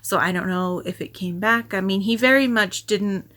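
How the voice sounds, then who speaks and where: A woman talks to camera in a loose, rambling vlog style. Her voice sits at a middle pitch, and she sighs and restarts sentences often. She speaks softly, sometimes trailing off into a near whisper. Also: normal speed. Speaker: vlogger. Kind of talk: casual rambling vlog chat.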